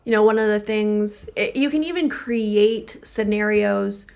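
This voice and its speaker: A woman's voice: medium pitch, unhurried, creaky, darkish tone. A woman co-hosting a relationship podcast as a therapist, explaining ideas through everyday examples with lots of filler words. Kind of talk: casual podcast conversation.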